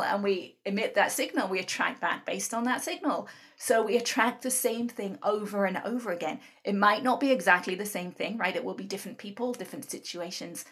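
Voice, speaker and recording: A woman's voice: medium pitch, a bit bright. A woman guest explaining her ideas in an interview, talking earnestly and often checking in with "right?". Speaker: guest speaker on emotional tapping.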